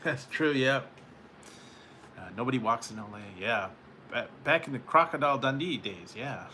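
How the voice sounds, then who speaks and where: A man from California hosts a live stream and chats loosely with his viewers, wandering from thought to thought and chuckling between remarks. His voice has a bright, sharp edge at an ordinary middle pitch. A faint hiss of noise sits under the recording. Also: animated, normal speed. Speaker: live-stream host reading chat. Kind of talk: casual chat with viewers.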